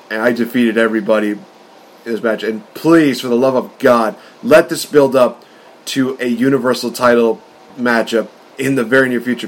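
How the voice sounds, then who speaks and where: A man co-hosting a podcast, chatting casually with excitable, fast-talking rants. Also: mid-range voice. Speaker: wrestling podcast co-host.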